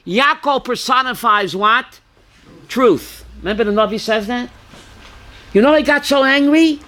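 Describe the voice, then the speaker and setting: A man's voice: sits high, animated, normal speed, a little hiss or hum. A man, a rabbi leading a Torah class, quizzing his listeners by name and now and then raising his voice to drive a point home. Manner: calls on listeners by name, asks questions, bursts loud.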